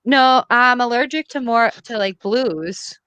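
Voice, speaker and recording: A woman's voice: on the high side, measured pace, bright, forceful tone, clear, resonant tone, no room sound. A woman chatting casually on a podcast, laughing easily as she talks. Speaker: actress, podcast guest. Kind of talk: casual chat.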